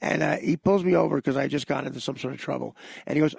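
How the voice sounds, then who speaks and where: A man's voice: on the high side, quick pace, vocal fry, darkish tone, husky, no echo, studio quality. A man co-hosting a casual talk show, telling rambling, joking, profane anecdotes. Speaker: co-host. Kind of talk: casual chat.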